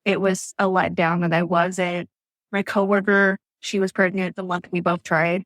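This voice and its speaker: A woman's voice: on the low side, little pitch movement, moderate pace, a bit bright, no echo. A woman who works as a nurse, telling her story as a podcast guest in a chatty way with many fillers. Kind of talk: casual storytelling interview.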